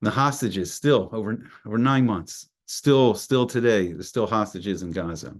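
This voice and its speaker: Low-voiced man teaching a Torah class. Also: a little slow. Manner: reads Hebrew phrases, then translates each into English; earnest, building emphasis through repetition.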